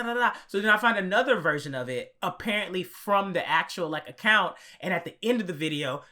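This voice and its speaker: A young man co-hosting an anime podcast, telling a story in an animated, profane way and acting out his own reactions. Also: high voice. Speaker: podcast co-host. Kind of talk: casual podcast chat.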